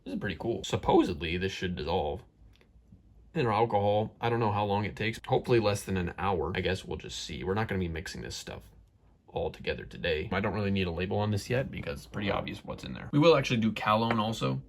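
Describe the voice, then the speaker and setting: A man's voice: fairly low pitch, lively intonation, fast, creaky. A young man casually talking through a hobby perfume-mixing vlog, rambling and self-mocking with slangy asides.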